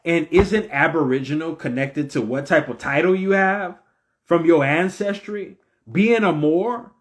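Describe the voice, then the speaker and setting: Man, preachy and repetitive, fairly high-pitched, impassioned monologue. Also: unhurried. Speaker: religious commentator.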